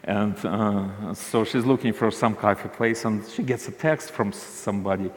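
A man tells a ministry story, halting often and restarting his sentences. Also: lowish voice, long reverb tail. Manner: halting, frequent restarts and fillers. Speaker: ministry leader. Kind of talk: storytelling talk.

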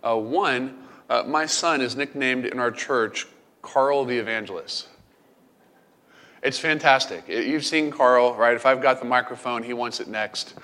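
A middle-aged man preaches in a playful, animated storytelling manner. His voice sits in a plain middle range. The sound carries a long reverb, as in a large hall. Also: mid-range voice, measured pace. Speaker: pastor. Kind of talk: sermon. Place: camp meeting hall.

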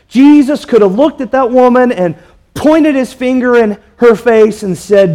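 High-voiced preacher, slow and earnest. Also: male voice, warm tone. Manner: earnest preaching, rhetorical questions, stretches key words. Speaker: pastor. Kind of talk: sermon.

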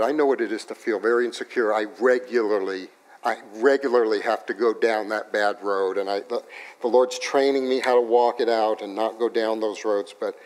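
Animated storytelling preacher man. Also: mid-range voice. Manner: animated storytelling, swings from loud to hushed. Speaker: pastor. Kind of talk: sermon with personal story.

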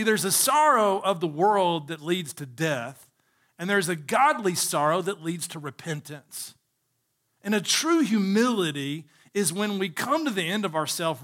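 A male pastor delivers a sermon with a bright, forceful voice pitched a little high. He preaches emphatically, pausing to pose rhetorical questions to his listeners.

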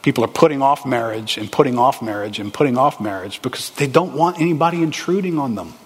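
A man preaching a sermon as a pastor, animated and conversational, asking the congregation rhetorical questions. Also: medium pitch, fast talker, husky. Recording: echoey hall, long reverb.

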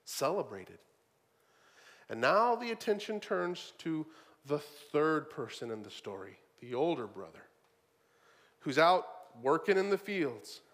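A man preaching a sermon in an animated way, swinging from loud emphasis to quiet asides and often repeating words. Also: medium pitch.

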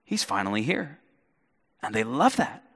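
Animated male pastor preaching in a reverberant hall. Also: medium pitch, moderate pace, husky. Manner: lively, animated preaching with playful asides. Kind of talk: sermon.

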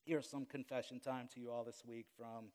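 A man from Louisiana preaching a live sermon as pastor to a congregation in a church, with dynamic swings between loud emphasis and quiet asides, and humorous confessional remarks. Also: mid-range voice, flat delivery, normal speed. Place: church sanctuary before a congregation.

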